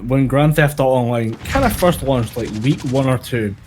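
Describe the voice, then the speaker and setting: A man's voice: mid-range voice, expressive, moderate pace, a little mellow. A man co-hosting a casual chat about games and tech, with dry, sardonic humor and some swearing. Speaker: podcast co-host. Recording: gaming audio noise behind. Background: clicks and gunfire from a game.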